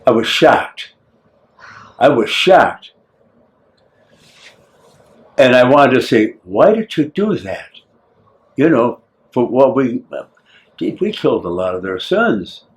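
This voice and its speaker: A man's voice: mid-range voice, takes it slowly, pauses often. Old guy telling war stories, acts stuff out, jokes around, voice goes all over. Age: older. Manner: lively, acts out scenes, teasing. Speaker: war veteran interviewee. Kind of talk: oral history storytelling.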